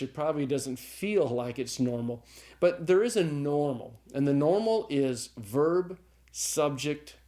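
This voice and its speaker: Relaxed middle-aged male Greek teacher. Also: on the high side. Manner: relaxed, chuckles often, checks in with "okay?". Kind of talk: recorded grammar lecture.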